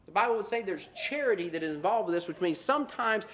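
A man's voice: high-pitched, expressive, fast, fairly bright tone. A man preaching a sermon, moving between plain teaching and mocking put-on voices of self-righteous believers.

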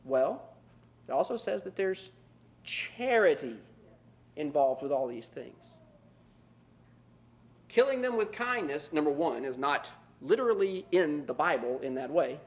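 A man's voice: sits high, expressive, normal speed. A man preaching a sermon, moving between plain teaching and mocking put-on voices of self-righteous believers.

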